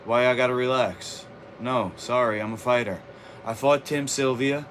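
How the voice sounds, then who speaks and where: A man's voice: mid-range voice, steady tone, normal speed, a bit bright. Fighter streaming from his kitchen who trash-talks his chat, brash and combative, with faint background hum. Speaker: martial arts streamer. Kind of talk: livestream talking back to chat. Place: home kitchen.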